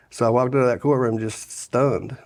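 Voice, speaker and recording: Speaking at a slow pace in a steady, medium-pitched voice, this guest recounts his testimony in a casual interview. He's from Sevier County, Tennessee, and tells his life story in a rambling way, with many restarts and quotes from people he met.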